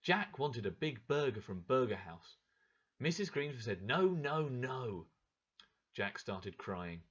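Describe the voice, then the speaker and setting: Man reading a learner's story, really lively up-and-down voice, clear, kinda dull lo-fi sound. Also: on the low side, unhurried. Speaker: narrator. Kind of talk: storybook narration for English learners.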